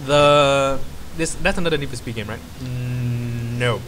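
A man's voice: medium pitch, a little slow, a bit bright, slight background noise. A young man chatting casually with a friend during a co-op game, laid-back and brief in his replies. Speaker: co-op gaming partner. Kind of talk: casual co-op gaming chat. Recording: game music playing under voice.

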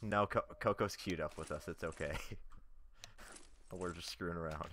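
A man with a somewhat low voice chats casually with teammates in the middle of an online shooter match. He talks in a laid-back way and often drops to a mutter. Gunfire and game sounds come through clearly behind his headset mic. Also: measured pace, fairly bright tone. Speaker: gamer recording a multiplayer match. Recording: gameplay noise behind a voice-chat mic.

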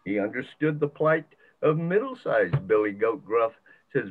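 Over a tinny video call, an older man from a church tells a folk tale with a moral. His mid-range voice is animated and unhurried, and his telling is folksy and dramatic.

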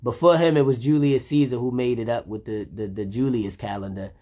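A man's voice: mid-range voice, steady tone, a little fast, warm tone. Rambling man in his late thirties. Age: 30s. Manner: laid-back, rambling, frequent "you know what I'm saying". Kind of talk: rambling casual monologue.

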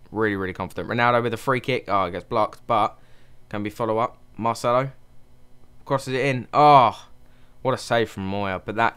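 A young man talks through a football management game, cheering his players on and reacting to every chance. His voice sits on the low side and comes across smooth and clear. It sounds close to a desk microphone. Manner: excitable, cheering on his team. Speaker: gaming channel host. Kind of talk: live game commentary.

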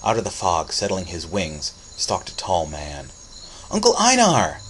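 Deep-voiced guy reading a spooky story aloud, steady and dramatic. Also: a little slow, slight background noise, low-quality recording. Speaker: narrator. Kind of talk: audiobook reading.

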